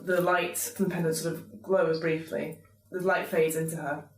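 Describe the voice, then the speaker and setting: A woman's voice: low voice, level tone, normal speed, far from the mic. A woman running a tabletop role-playing game as game master, describing the action vividly. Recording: roomy, from off mic.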